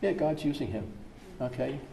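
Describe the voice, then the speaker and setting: An earnest priest telling a story to a gathered audience, with a dark, mellow tone. He sounds far from the microphone in a long-reverb hall, with faint room noise behind him. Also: mid-range voice, moderate pace, gravelly. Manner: earnest, with repeated phrases and restarts. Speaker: priest giving a workshop talk.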